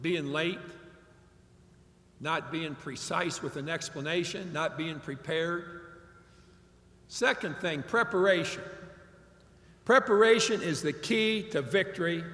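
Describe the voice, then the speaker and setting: A man's voice: a little high, slow, long pauses, a bit bright. Older man in an echoey hall. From Ohio. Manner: folksy storytelling, emphatic. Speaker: commencement speaker. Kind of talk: commencement speech. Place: large graduation venue.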